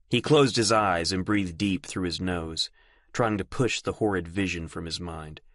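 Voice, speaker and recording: A man narrating an audiobook in a measured storytelling manner. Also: low voice, fairly bright tone, no echo, studio quality. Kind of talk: scripted narration.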